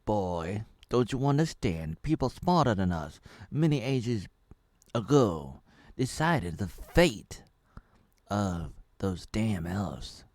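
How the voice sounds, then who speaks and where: A man voicing a stern, distrustful older male dwarf king with loud, blunt, scolding delivery. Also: lowish voice, sing-song, slow pace, no echo, full character voice.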